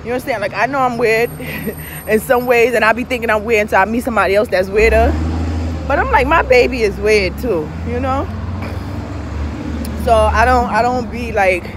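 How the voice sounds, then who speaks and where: Laughing, swearing woman telling a story. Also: noisy background. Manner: swearing freely, laughing, pitch swinging up and down. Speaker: vlogger. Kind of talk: candid casual storytelling to camera.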